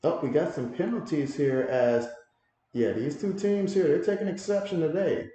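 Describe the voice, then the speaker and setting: A man hosting a livestream, giving casual play-by-play commentary and reading viewer comments aloud with excitable reactions. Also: fairly high pitch, normal speed. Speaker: livestream host doing play-by-play. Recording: very echoey room.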